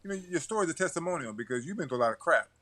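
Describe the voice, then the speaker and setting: An older man rattles along quickly in a loose, rambling way, circling back over his own words. He speaks as a boxing coach in casual talk show chat, laughing easily between points. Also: on the high side, big pitch swings, fairly bright tone.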